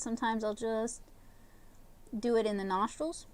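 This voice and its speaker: A woman's voice: fairly high pitch, steady tone, darkish tone. Chatty woman teaching watercolor live. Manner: casual, thinking aloud while painting, halting phrases. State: talking with a candy in her mouth. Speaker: art instructor. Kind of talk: livestream painting demonstration.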